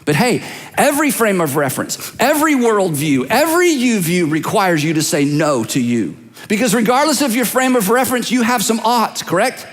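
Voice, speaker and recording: A man's voice: sits high, very animated, normal speed, in a large hall. A man preaching a sermon as a pastor, talking conversationally and teasing listeners with direct questions. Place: large church auditorium.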